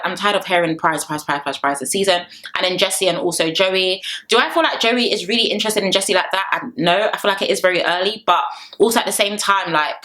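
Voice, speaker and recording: A young woman gives casual, animated commentary on a reality TV show and often breaks into laughter. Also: mid-range voice. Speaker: reality TV reviewer.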